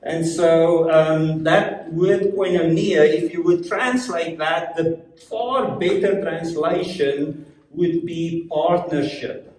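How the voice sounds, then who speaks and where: Man with an African accent, Bible study teacher, fairly high voice, joking, rhetorical questions, echoey church room, distant mic. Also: takes it slowly, darkish tone.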